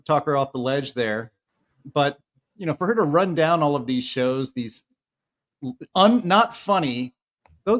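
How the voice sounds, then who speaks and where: A man in his fifties hosts a casual podcast chat. His voice sits a little high for a man, and he talks in an opinionated, animated way. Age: 50s.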